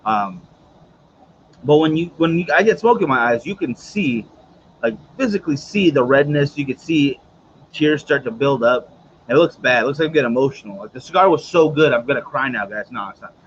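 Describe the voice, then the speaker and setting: A man's voice: mid-range voice, animated, fairly quick, lo-fi sound, slight background noise. A man hosting a casual cigar livestream, chatty and rambling, with many fillers and asides to his viewers. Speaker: host of a cigar morning show.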